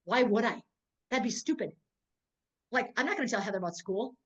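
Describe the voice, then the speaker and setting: A woman's voice: fairly high pitch, fairly quick, husky, highs cut off. A woman teaching a sales team on a video call, telling stories with energy and often checking that her listeners are following. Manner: lively storyteller, keeps checking in with listeners. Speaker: network marketing trainer.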